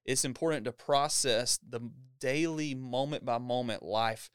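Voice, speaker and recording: A man's voice: mid-range voice, a little slow, clean tone, no room sound, clean studio sound. A man hosting a church podcast, talking in an upbeat, casual interview style and laughing often.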